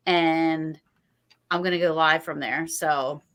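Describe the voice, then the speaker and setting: A woman hosts a loose, unscripted livestream conversation. She rambles, trails off and restarts her thoughts, leaning on filler phrases, in a slightly low voice. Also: fairly even intonation, takes it slowly, a bit bright. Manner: rambling, full of "you know" and restarts. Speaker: host. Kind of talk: casual livestream chat.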